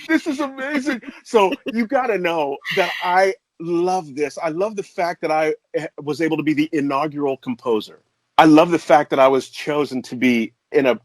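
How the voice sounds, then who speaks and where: Brief: middle-aged Midwestern-raised man, eager storyteller, lively swooping pitch, dry studio sound. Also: no room sound. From American Midwest. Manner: excitable, laughs often, jumps to high pitch when excited. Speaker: interview guest, composer and voice artist. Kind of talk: animated storytelling in conversation.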